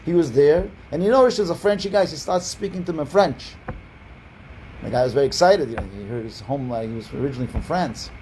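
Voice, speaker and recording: A man teaches as a rabbi over a video call, his voice pitched a little high but warm and mellow. He tells his story in a loose, rambling way, stumbling over and repeating words. He lifts his voice when he quotes someone, and a faint hum sits behind him. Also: fast talker, rough recording. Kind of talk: storytelling lesson. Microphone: online video call.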